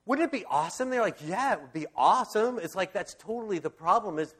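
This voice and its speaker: A man's voice: high-pitched, expressive, fast talker, fairly bright tone. A man giving a casual, rambling Bible talk, enthusiastic and full of fillers and restarts. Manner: enthusiastic storyteller.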